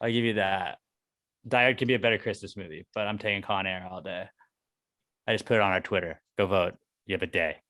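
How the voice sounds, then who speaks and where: A man's voice: sits low, fast. A man co-hosting a podcast, ranting in casual chat with lots of swearing. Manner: profane, excitable, rants with put-on quotes. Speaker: podcast co-host.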